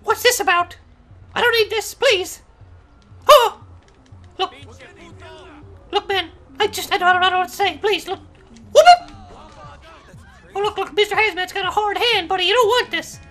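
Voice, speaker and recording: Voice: very high-pitched, normal speed, pauses often, sharp tone, faint music behind. A video game player voicing Mister Hazmat, a giddy, volatile man in a hazmat suit, talking about himself in the third person with erratic swings between glee and rage. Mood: goofy. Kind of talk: comedic role-play over online gameplay.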